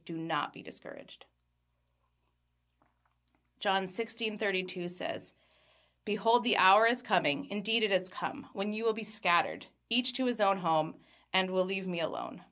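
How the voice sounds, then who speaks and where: In an earnest devotional talk with scripture reading, a Christian speaker in her thirties uses a mid-range, fairly bright voice. She tends to laugh lightly between thoughts and slow down on key phrases.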